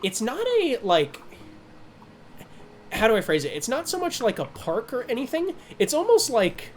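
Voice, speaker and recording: A man narrates a tabletop game as its game master, his voice pitched high for a man. He rambles, stacking up fillers and laughing often, over a faint hiss of background noise. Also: very animated, moderate pace.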